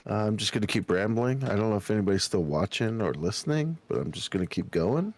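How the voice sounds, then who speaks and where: A man's voice: lowish voice, expressive, a little fast, hardly any pauses, no echo. A man co-hosting a podcast, chatting loosely and rambling at the end of a long stream. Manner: rambling, loose, tries out silly voices mid-sentence. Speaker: podcast co-host. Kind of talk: casual late-night chat.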